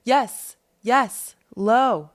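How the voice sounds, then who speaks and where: A woman hosting a podcast in casual chat, bubbly and gushing, quick to laugh. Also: fairly high pitch. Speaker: podcast host and actor. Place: design showroom, indoors.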